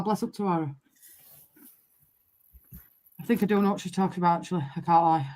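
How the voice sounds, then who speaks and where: A woman with a Northern English accent hosts a football watchalong live stream, her lowish, darkish voice steady but rapid-fire. She chats casually and bluntly, swears a lot, and keeps repeating "I can't lie."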